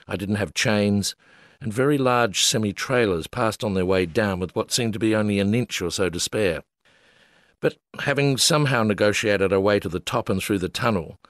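A wry Australian man reads his own humorous travel memoir aloud in a somewhat low voice. His delivery is dry and self-mocking, and the recording is close and dead, with no room sound. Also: no echo. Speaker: memoir narrator.

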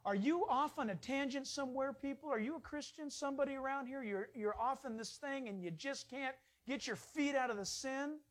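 Animated male pastor preaching. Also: very high voice, brisk, few pauses. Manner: animated preaching with rising emphasis. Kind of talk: sermon.

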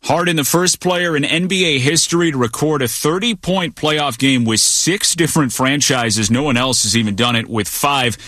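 A male sports radio anchor reading a scripted news roundup in a brisk delivery packed with statistics. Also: mid-range voice, sharp tone, no echo, clean studio sound. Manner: brisk, stat-heavy delivery.

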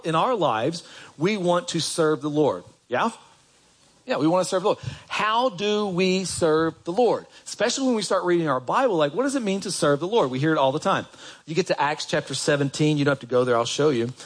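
A man preaching a sermon in a church, talking in a conversational way and putting questions to the congregation. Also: on the high side. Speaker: pastor.

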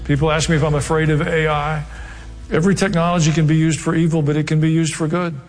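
A man's voice: fairly high pitch, flat delivery, fast talker, long reverb tail, faint music behind. A man with a Southern US accent, preaching a sermon as a pastor in an earnest, emphatic manner.

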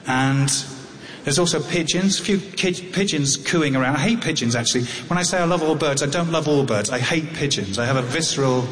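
A man's voice: a little high, a bit bright. Wry English man in a reverberant hall. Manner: halting, wry, with many restarts. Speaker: storyteller on tour. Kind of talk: live spoken storytelling. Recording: long hall reverb, faint noise.

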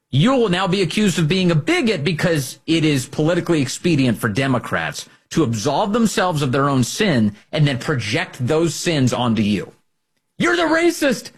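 A man's voice: mid-range voice, husky. A man hosting a political opinion monologue, combative and sarcastic. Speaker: political commentary host.

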